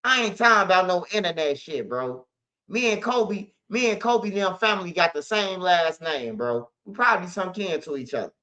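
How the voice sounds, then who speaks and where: A street news channel host retells a story in a loose, slangy, profane, emphatic monologue, heard through dull lo-fi audio. His voice is high-pitched, expressive, and bright with a forceful tone, at normal speed.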